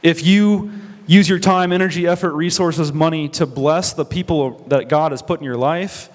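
A man's voice: on the high side, normal speed. A young man leading a Bible study, talking in an earnest, conversational way and asking his listeners rhetorical questions. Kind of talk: casual teaching sermon. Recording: long reverb of a hall.

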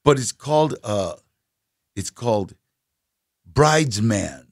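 Gravelly older man telling stories. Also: medium pitch, expressive, slow, no room sound, clean studio sound. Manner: laughing, storytelling with acted-out quotes. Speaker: guest actor. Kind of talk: casual interview chat.

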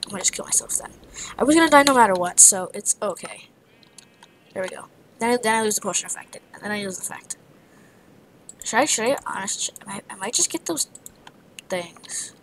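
A woman's voice: mid-range voice, expressive, a little fast, pauses often, fairly bright tone, slight background noise, rough recording. A woman narrating her own gameplay, muttering to herself in a half-whisper with frustrated outbursts. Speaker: gamer. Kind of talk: let's play commentary.

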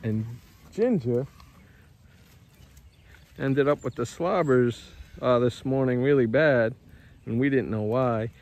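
A man's voice: medium pitch, takes it slowly, pauses often, a little mellow. Easygoing man on a farm. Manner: easygoing, laughs often, speaks animals' thoughts. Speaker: farm owner. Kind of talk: casual farm vlog chat. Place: outdoors on a farm.

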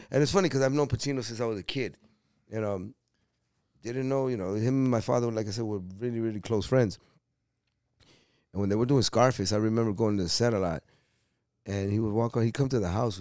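A man in his fifties from Puerto Rico, an actor telling profane, animated stories as an interview guest. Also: fairly low pitch, no echo, studio quality. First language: Spanish. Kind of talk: casual storytelling interview.

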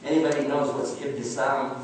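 A man's voice: medium pitch, level tone, fairly quick. Man telling stories in a very echoey hall. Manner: chatty, jokes with the audience and asks it questions. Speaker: guest speaker. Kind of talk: humorous storytelling lecture. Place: large echoing lecture hall. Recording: very echoey hall, voice from far off, background noise.

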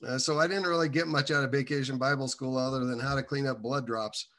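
A man sharing his personal faith testimony in a casual, halting way, with many restarts and side turns. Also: medium pitch, fairly even intonation, fairly bright tone.

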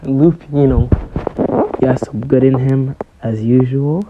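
A man's voice: mid-range voice, steady tone, measured pace, phone-quality sound, heavy background noise. A man casually narrating a fan-made story, hesitant and full of fillers.

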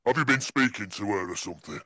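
A man playing a cheeky middle-aged bloke who jokes about his wife, with a gravelly voice. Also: fairly low pitch, expressive, quick pace, pushed and bright, dry recording, studio quality. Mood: jokey. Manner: cheeky banter, playful boasting. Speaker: comedy character guest.

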